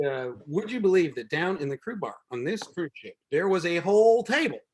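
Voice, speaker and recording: A man's voice: medium pitch, vocal fry, husky. A man doing a wry stand-up set and hosting a show from home over a video call, rambling with many ums and restarts. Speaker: comedian and show host.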